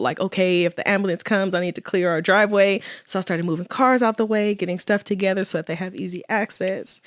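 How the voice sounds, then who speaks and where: With a fairly low voice, this widow, a guest being interviewed, recounts a personal experience, speaking sincerely of her faith and repeating what people said. The studio recording is clean, with no room sound.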